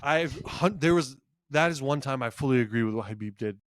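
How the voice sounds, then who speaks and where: A man co-hosting a casual sports podcast, telling animated stories, acting out quotes and laughing often. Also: medium pitch, fairly quick, no echo. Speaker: podcast co-host.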